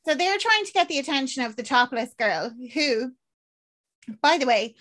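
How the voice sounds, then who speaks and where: A slightly high-voiced woman chats loosely through a film's plot. She swears freely and drops into quick impressions of the characters. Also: lively intonation, a bit bright. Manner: chatty, swearing, acts out lines in quick voices. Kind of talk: casual chat recapping a film.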